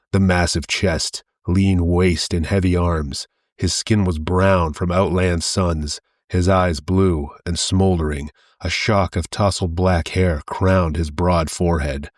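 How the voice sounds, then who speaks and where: A man narrating an audiobook in a measured, steady reading. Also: deep voice, dry recording, clean studio sound.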